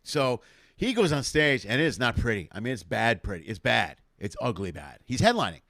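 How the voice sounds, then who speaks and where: A man from Chicago, a comedian hosting a show, telling stories over a video call in a casual, profane, animated way, laughing as he goes. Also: medium pitch, fairly quick, dry recording, clean studio sound. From Chicago, USA. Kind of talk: casual conversational storytelling.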